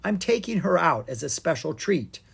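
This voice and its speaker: A reader voicing a gentle, doting father dragon in a storybook. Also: medium pitch, big pitch swings, normal speed, gravelly, breathy edge, voice pushed up, exaggerated voice.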